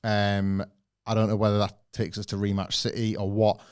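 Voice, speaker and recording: A man's voice: on the low side, monotone, moderate pace, clean tone. A man, co-hosting a podcast with enthusiastic, rambling analysis. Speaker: podcast co-host. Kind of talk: casual review chat.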